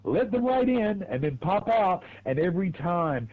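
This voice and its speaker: A man's voice: sits high, big pitch swings, moderate pace, phone-quality sound. A man streaming a racing game, telling crude stories in a rambling, laughing way. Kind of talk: casual storytelling while gaming.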